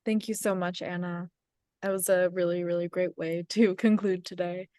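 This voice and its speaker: A woman moderator wraps up an online discussion with polite thanks and scripted announcements. Her voice sits a little low, and the sound is close and dry. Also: fairly even intonation, normal speed, warm tone, no room sound. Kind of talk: closing remarks of an online talk. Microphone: video call.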